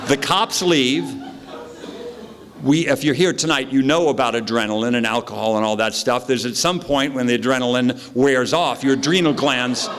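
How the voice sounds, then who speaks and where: Male AA meeting speaker, animated storyteller, loose delivery with sound effects. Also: medium pitch, normal speed. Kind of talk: recovery story told to a meeting.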